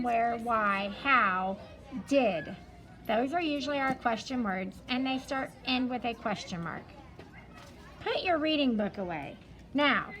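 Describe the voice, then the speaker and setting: A woman's voice: a little high, fairly bright tone, poor audio. A woman elementary school teacher going over a study guide, explaining each answer patiently and step by step.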